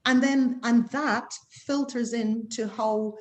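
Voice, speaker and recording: Animated West Indian woman recounting experiences. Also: a little high, slow pace. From West Indies. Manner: animated, acts out other people's remarks in quoted voices. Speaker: guest physician. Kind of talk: candid interview talk.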